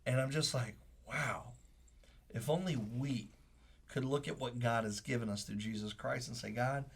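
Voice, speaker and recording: Earnest husky-voiced pastor, man. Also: medium pitch, fairly even intonation, normal speed. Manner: earnest, emotional storytelling with many fillers. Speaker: pastor, co-host. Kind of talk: casual podcast talk, preaching.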